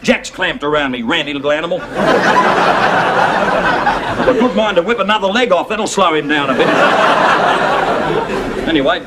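A loud, blustering Australian dad, played by a man, cheeky and full of bluster, with a broad Australian accent. His voice runs high and jumps around in pitch, with a clear hiss and clicks in the old recording. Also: expressive, normal speed, long pauses, over a noisy crowd. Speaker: sitcom lead. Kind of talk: 1980s sitcom acting.

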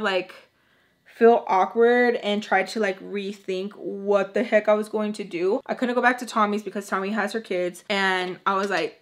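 Young woman, casual storytime vlogger, chatty, acts out quotes, mid pitch. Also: normal speed. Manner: chatty, acts out quotes with lively voice swings, says "like" a lot. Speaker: beauty vlogger telling a storytime.

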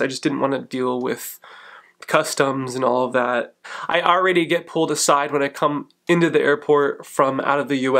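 A man in his thirties casually telling stories to the camera in a chatty, animated way, laughing often. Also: medium pitch. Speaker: vlogger. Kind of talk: casual vlog storytelling.

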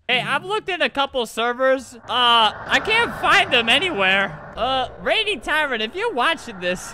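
A man giving trolling commentary over online gameplay, talking hyper and yelling into the microphone. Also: extremely high pitch, sing-song, normal speed, hardly any pauses, background noise. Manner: hyper, yells into the mic. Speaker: gaming YouTuber.

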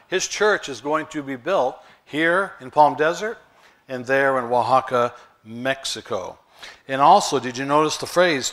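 A man's voice: medium pitch, fairly bright tone. A male pastor, preaching a sermon in a conversational way with rhetorical questions.

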